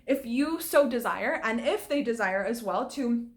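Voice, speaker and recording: Young woman, actress vlogging, fairly high voice, earnest, worked up, laughs often. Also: animated, measured pace. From California. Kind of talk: casual vlog talk to camera.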